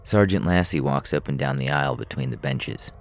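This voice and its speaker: A man narrating a science-fiction story in a measured, dry storytelling manner. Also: very deep voice, creaky.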